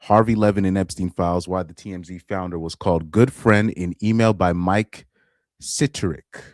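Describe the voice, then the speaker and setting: A man's voice: sits low, steady tone, normal speed, dry recording, clean studio sound. A man casually commenting on a live stream, rambling and repeating himself. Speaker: live streamer reacting to videos.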